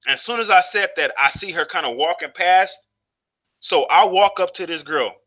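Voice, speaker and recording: A man in his thirties, a vlogger, tells a personal story in a loose, casual monologue full of profanity, fillers, and restarts. His voice sits high and has a sharp tone, and he talks at a normal speed.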